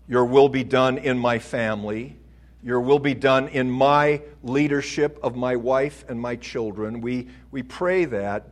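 Slow, deliberate male preacher. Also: medium pitch. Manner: slow, deliberate preaching with rising, emphatic swells. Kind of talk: sermon.

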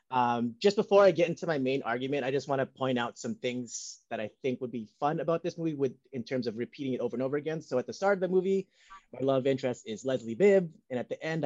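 A man's voice: mid-range voice, darkish tone, no echo, dull audio. A man co-hosting a podcast in casual banter, joking and rambling with lots of ums. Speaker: podcast co-host. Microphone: home setup on video call.

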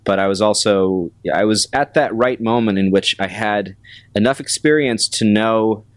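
A man in his forties, a restaurant manager and guest, telling stories in a measured way with many pauses and fillers. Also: lowish voice, no echo. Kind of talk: casual interview storytelling.

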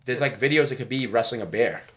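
A man's voice: medium pitch, fast talker. A man from New England rambling in casual, profane banter with friends, laughing and poking fun at himself. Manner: rambling, profane, laughs often, self-mocking.

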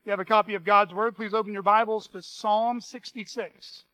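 Man, pastor, sermon, earnest, sharp tone, dry close sound. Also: high-pitched, steady tone, brisk, no room sound, poor audio. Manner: earnest, reads quotes aloud with emphasis.

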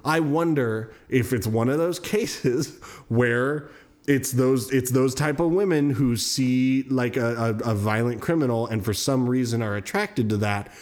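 Male podcast host, mid-pitch, casual crime storyteller, animated and profane. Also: unhurried. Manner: animated, swearing, jumps into high mocking voices.

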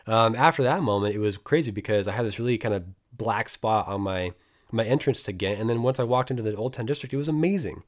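A man's voice: lowish voice, fast talker. A young American man casually telling a travel story, rambling and swearing, with many restarts and acted-out quotes. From United States. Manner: rambling, profane, animated retelling with many restarts.

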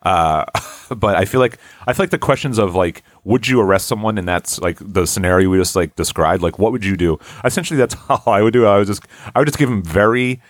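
A man in a relaxed podcast conversation, his voice sitting fairly low. He talks easily, with frequent chuckles and filler words. The sound is close and dry. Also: quick pace, dry recording. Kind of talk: casual podcast chat.

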